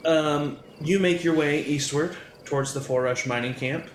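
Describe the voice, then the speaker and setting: A man narrating as game master of a tabletop game, in a relaxed way with many pauses and "um"s. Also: on the high side, roomy sound, a little hiss or hum.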